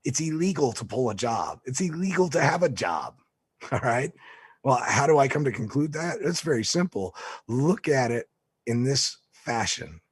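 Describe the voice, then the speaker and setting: Husky-voiced man telling a story. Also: medium pitch, normal speed, dry recording. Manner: lively storyteller who acts out the people he quotes. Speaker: speaker recounting a court story. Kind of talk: casual storytelling talk.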